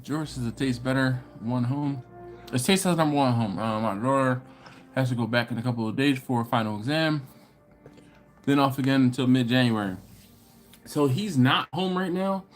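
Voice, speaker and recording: A man's voice: medium pitch, moderate pace, faint music behind. Laid-back man hosting a barbecue live stream. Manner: laid-back and slangy, greets viewers with "what up"; laughs often between comments. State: runny nose, coughing. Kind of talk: casual live-stream chat, reading viewer comments aloud.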